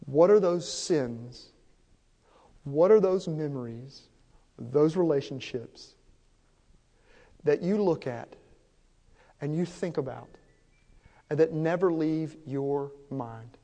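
High-voiced man preaching, hall echo. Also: slow, pauses often. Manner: impassioned, swings from hushed to loud. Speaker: pastor. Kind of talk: sermon. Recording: long hall reverb.

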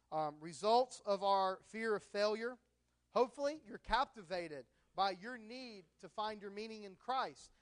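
A pastor with a noticeably high voice preaches a sermon in a relaxed, conversational style. He keeps illustrating his points with everyday stories from his home and his marriage.

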